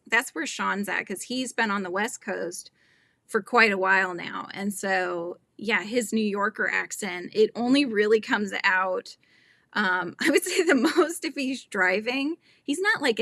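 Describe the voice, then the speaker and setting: Female host, middle-aged, casual chat, laughs a lot, crisp tense tone, some vocal fry. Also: mid-range voice, pushed and bright, no room sound, studio quality. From Northern California. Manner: chatty, laughing often, reading out chat comments.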